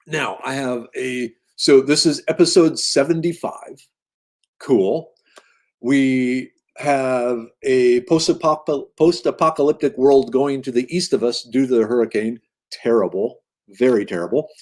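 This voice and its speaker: A man's voice: medium pitch, measured pace, a little mellow. A man hosting a casual livestream interview show, talking in an easygoing way and greeting viewers by name. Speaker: host.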